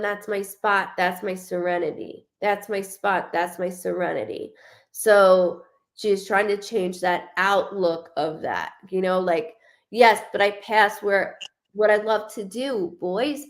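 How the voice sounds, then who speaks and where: A middle-aged woman giving a live psychic reading, chatty and full of quick asides, often quoting the spirit in the first person. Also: medium pitch. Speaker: psychic medium.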